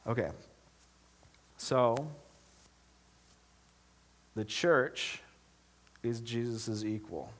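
A man preaching a sermon as a pastor, talking in a conversational way and building to animated, emphatic stretches. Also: medium pitch, drawn-out words, pauses often.

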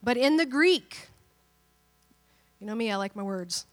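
A woman's voice: on the high side, lively intonation, a little slow. Chatty woman pastor preaching in a hall. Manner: chatty, keeps checking in with "right?". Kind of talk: Bible-teaching sermon. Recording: long hall reverb.

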